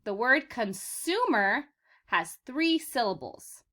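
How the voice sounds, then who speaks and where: A woman teacher leading a vocabulary lesson for young children, sounding out words slowly for them to repeat and calling them "my friends.". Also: fairly high pitch, very animated, bright, forceful tone. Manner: slow, exaggerated word modeling for repetition; encouraging, addresses children as "my friends".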